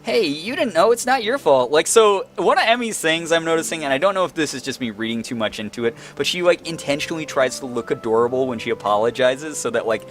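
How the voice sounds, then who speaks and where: A man's voice: medium pitch, fast talker, few pauses, fairly bright tone, soft background music. A man in his twenties, a let's play gamer giving casual, chatty commentary full of "like". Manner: chatty, giggly, lots of "like".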